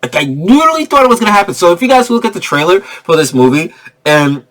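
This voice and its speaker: Animated, tipsy man reviewing a movie. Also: sits high, fast. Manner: excitable, swears freely, laughs often. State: tipsy from drinking. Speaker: film reviewer. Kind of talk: casual spoiler movie review.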